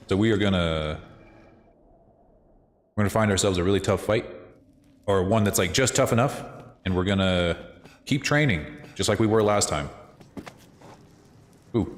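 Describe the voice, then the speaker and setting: Speaking in a low voice at a moderate pace, and pausing often, a man streams a video game and banters with viewers. His casual commentary is animated and full of swearing, captured in a reverberant, echoey room.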